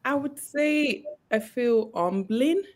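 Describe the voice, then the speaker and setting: A woman's voice: high-pitched, animated, slow. A woman in her thirties, an author guest on a video call, emotional and holding back tears, hesitant and grateful. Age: 30s. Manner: soft-spoken, hesitant, grateful. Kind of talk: interview over video call.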